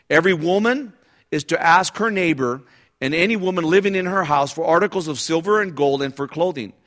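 A man's voice: a little high, a bit bright. A male pastor preaching a sermon in a conversational, engaged way, often checking in with the congregation with asides and restarting his phrases.

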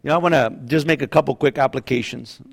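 A middle-aged man pastor preaching a sermon in a conversational, animated way, acting out voices now and then. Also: mid-range voice, fast talker, creaky.

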